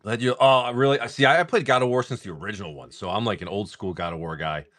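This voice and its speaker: A man hosting a live stream, rambling casually, swearing freely, and reading off card names in quick lists. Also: on the low side, a bit bright, dry recording. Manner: rambling, swears freely, laughs often at chat. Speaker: live-stream host opening card packs.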